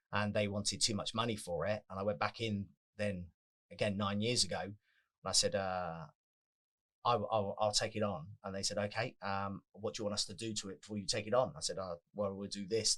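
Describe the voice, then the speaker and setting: A man's voice: lowish voice, a bit bright. A middle-aged man, a magic bar owner chatting as a guest and acting out his customers' lines as he tells stories. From England. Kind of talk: casual chat.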